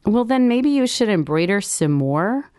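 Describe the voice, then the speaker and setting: A woman's voice: mid-range voice, big pitch swings, measured pace, a little mellow, smooth, dry recording, clean studio sound, voice pushed up. A woman voicing an earnest, opinionated little girl who talks bluntly and matter-of-factly. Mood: earnest critique.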